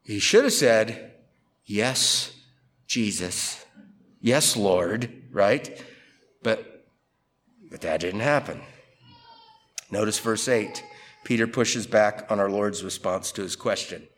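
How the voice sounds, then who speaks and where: A man preaching an expository sermon in a conversational, animated way, acting out quotes from scripture figures. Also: lowish voice, slow, pauses often. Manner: conversational, animated quoting of Peter and Jesus. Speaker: pastor.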